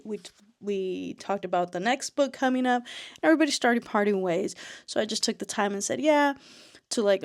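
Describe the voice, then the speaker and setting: A young adult woman, an author telling a story in a casual vlog, chatty and excitable with many fillers and restarts, slightly out of breath. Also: mid-range voice, no room sound, clean studio sound. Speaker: author and vlogger.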